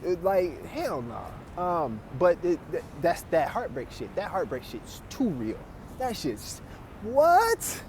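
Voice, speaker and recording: Animated, high-pitched man telling stories. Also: slow, slight background noise. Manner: profane, animated, laughs often. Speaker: podcast host. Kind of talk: casual storytelling chat.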